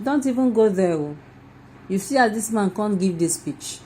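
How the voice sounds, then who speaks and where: A Nigerian woman giving opinionated news commentary, animated, firing off rhetorical questions and slipping into Pidgin. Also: mid-range voice, normal speed, a little hiss or hum, low-quality recording.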